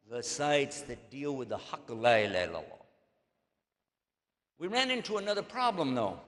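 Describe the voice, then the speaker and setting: An older man with a Texan accent gives a lecture, telling a story in a folksy, joking way with drawling asides. His voice sits a little high for a man. The sound rings with the long reverb of a large hall. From Texas. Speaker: Islamic preacher.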